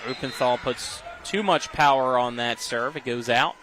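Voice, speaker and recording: A man calling live high school volleyball play-by-play, quick and getting excited on rallies. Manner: rapid, gets loud and excited on long rallies. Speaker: play-by-play commentator.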